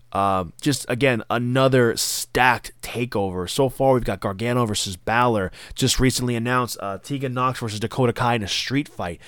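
Male podcast host, casual wrestling recap, smooth tone, dry close sound. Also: medium pitch, no echo. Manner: enthusiastic, acts out quoted lines. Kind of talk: casual wrestling review monologue.

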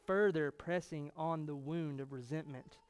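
A man's voice: fairly high pitch, fairly even intonation, unhurried, smooth. A man preaching a sermon as pastor, firing off rhetorical questions and building to fervent emphasis.

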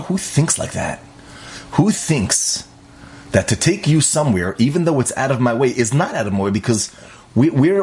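A young man casually telling a personal story, animated, acting out the dialogue and laughing often. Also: medium pitch.

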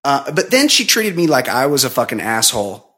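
A man's voice: mid-range voice, a little fast. A man in his forties, a podcast host, telling a story in casual chat with lots of swearing. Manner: profane, animated storytelling.

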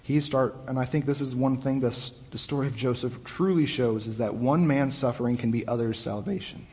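Retelling the story casually in his own words, a young man preaching as a youth pastor talks fairly quickly in a mid-range voice. The church hall gives the recording a long, lingering reverb, and his delivery is animated and conversational, full of restarts.

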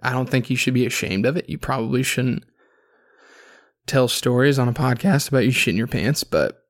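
A man with a gravelly, fry-laden voice tells a crude, rambling story on his podcast. He swears freely and talks in a loose, unscripted way at a middling pitch. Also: moderate pace. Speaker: podcast host. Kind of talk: casual podcast monologue.

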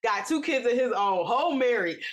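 High-voiced woman telling an animated story. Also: normal speed. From New York. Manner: animated, profane, quoting others in voices. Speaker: podcast co-host. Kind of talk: casual storytelling chat.

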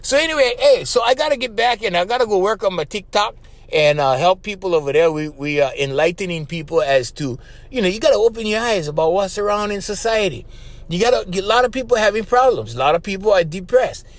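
High-voiced middle-aged man with Hawaiian Pidgin accent. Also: lively intonation, fast, no echo. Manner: rambling, repeats words, chuckles often. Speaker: podcast host. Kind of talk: casual storytelling monologue.

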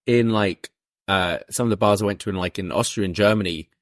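A man's voice: lowish voice, brisk, no echo, studio quality. A man co-hosting a casual review podcast, retelling scenes with quoted voices. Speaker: podcast co-host.

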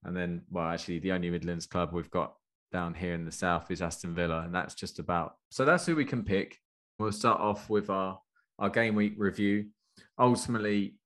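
A man's voice: on the low side, a bit bright. A man hosting a casual podcast, chatty and jokey, running through the agenda. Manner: upbeat, jokey, chatty presenter. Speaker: podcast host.

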